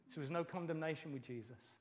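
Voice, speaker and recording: A man's voice: fairly high pitch, fast talker, long reverb tail. A middle-aged man preaching a sermon as pastor, earnest and emotional, repeating his key phrases.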